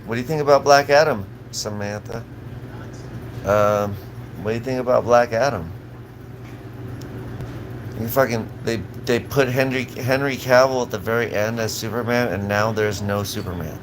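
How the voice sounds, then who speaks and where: Casting: man, live-streamer, swearing, rambling agitated rant, mid-pitched. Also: steady tone, moderate pace, pauses often, background noise. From Southern California. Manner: profane, agitated, rambling with frequent restarts.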